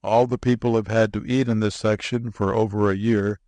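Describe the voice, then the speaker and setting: Storybook figure: a man voicing a pompous, formal railroad president, low and dry. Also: flat delivery, moderate pace, dark tone, no echo, lightly acted. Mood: explaining. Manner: formal, long-winded, apologetic. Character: pompous, flustered small-town railroad president.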